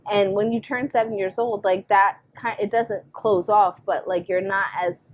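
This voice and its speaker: A woman's voice: mid-range voice, steady tone, normal speed. Chatty young mother, casual podcast talk. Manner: chatty, acts out her son and herself in quotes. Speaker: podcast co-host. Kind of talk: casual chat.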